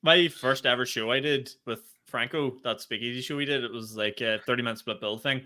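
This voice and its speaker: A young man co-hosting a comedy podcast, telling animated stories in casual chat and swearing freely. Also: mid-range voice, a little fast.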